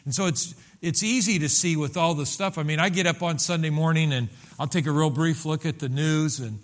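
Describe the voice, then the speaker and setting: A man's voice: a little high, a little fast. A male pastor preaching a sermon in a loose, conversational way, with many restarts and fillers and bursts of emphasis.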